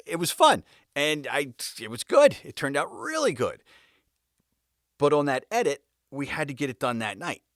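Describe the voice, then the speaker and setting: Bright-voiced man telling a wild story. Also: medium pitch, no echo, studio quality. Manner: laughs often, swears, talks in bursts with restarts. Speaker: music video director. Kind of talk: casual anecdotal storytelling.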